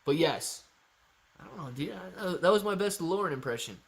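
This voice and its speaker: A man with a fairly high speaking voice hosts a casual live stream. He reads out viewers' comments, calls them "man" and "dude", and patiently walks through his answers. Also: lively intonation, normal speed. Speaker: live-stream host answering chat questions.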